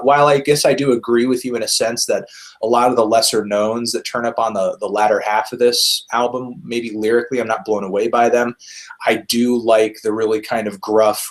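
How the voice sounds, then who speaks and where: A man hosting a casual album review discussion, thinking aloud with frequent fillers and restarts. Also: fairly low pitch. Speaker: music reviewer, host.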